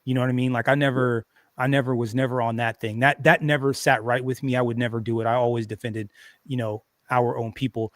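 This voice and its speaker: A man's voice: medium pitch, flat delivery, fast talker, dry recording. Guy rambling on his livestream, lots of restarts, dry close sound. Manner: rambling, conversational, frequent restarts and fillers. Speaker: livestream host. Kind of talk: casual livestream talk.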